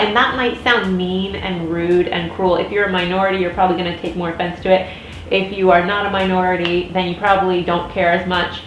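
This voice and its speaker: Woman, 30s, American accent, casual vlog rant, rambling with fillers, middle pitch, echoey room. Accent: General American. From United States. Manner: chatty, frequent restarts and fillers. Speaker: vlogger. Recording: echoey room with faint noise.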